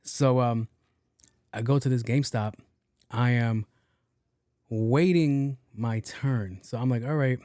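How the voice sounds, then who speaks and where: A man's voice: medium pitch, takes it slowly, pauses often, warm tone, no room sound, studio quality. Blunt, cursing young man telling a story. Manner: blunt, swears a lot, exasperated. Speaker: podcast host. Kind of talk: casual storytelling.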